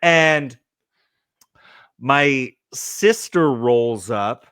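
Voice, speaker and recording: A man's voice: on the high side, slow, dry recording. A man in his forties from California, telling a comic story, cursing freely and acting out quotes. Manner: animated, profane, acts out quotes. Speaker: podcast host.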